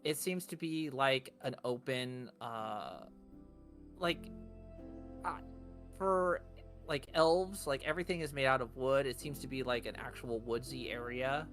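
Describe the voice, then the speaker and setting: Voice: medium pitch, unhurried, a bit bright, soft background music. A game master narrating a tabletop game in a loose, rambling way full of fillers.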